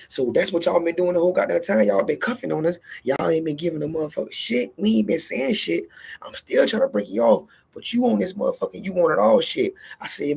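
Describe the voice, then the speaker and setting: A man telling a profane workplace story in casual storytelling style, animated and acting out every line of dialogue. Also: high voice, a little fast, gravelly, slightly rough.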